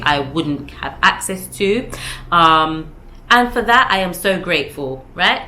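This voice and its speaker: A woman's voice: deep voice, bright, forceful tone, slight background noise. A young British woman with a British accent talking casually to camera, emphatic and repeating her points with tag questions. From United Kingdom. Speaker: vlogger.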